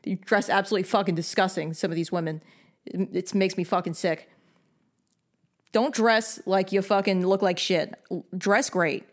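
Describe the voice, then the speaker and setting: Blunt, foul-mouthed young woman lecturing. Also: mid-range voice. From New York. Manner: blunt and heavily profane; bossy, lecturing. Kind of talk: casual advice rant.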